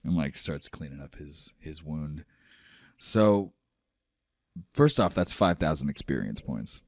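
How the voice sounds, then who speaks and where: A man's voice: a bass voice, expressive, slow, no room sound, clean studio sound. A man narrating as game master of a tabletop game, loose and full of fillers.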